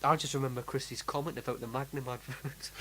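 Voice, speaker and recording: A man's voice: mid-range voice, fairly even intonation, slight background noise. A young man co-hosting a casual chat about films, cutting in with short teasing remarks. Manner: teasing, quick interjections. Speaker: podcast co-host.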